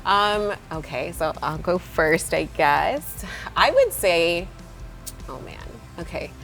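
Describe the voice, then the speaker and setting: A woman's voice: lowish voice, big pitch swings, slow, fairly bright tone, faint music behind, low-quality recording. A young woman speaking candidly and chattily in a casual church discussion, often restarting her phrases.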